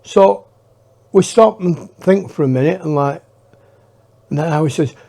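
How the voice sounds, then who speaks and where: A man telling a personal adventure story in a casual, unhurried way, with pauses and hushed asides. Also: fairly high pitch, vocal fry. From England. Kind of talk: casual spoken anecdote.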